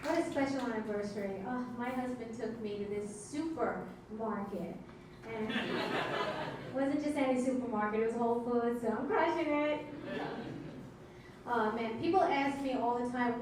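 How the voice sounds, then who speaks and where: A woman's voice: fairly high pitch, normal speed, background noise. A woman, emceeing stand-up comedy in a club with wry, teasing crowd work. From Brooklyn, New York. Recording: echoey club audio from far off.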